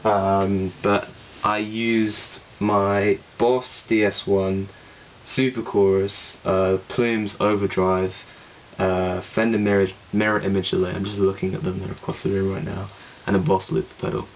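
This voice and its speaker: A man's voice: sits low, little pitch movement, unhurried, dull audio, a little hiss or hum. A man casually explaining how he made his song at home, rambling and self-deprecating, with lots of ums and restarts. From England. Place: home room with guitar gear.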